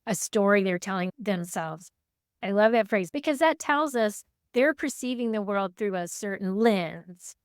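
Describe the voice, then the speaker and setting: A woman's voice: medium pitch, animated, a little slow, clear, resonant tone, no echo, clean studio sound. A woman hosting a podcast interview, affirming her guest and reflecting on what she said. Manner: warm affirming listener, reflective. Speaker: podcast host.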